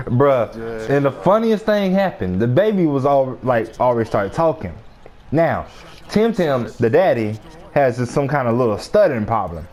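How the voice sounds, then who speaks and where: A man's voice: mid-range voice, very animated, measured pace, darkish tone. A young man telling a story in casual chat, slangy and often laughing.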